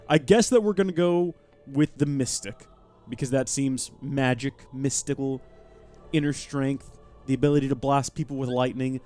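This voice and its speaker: A young man streaming live gameplay, chatting and thanking viewers as he plays. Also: medium pitch. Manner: chatty and animated, thanking chat mid-game.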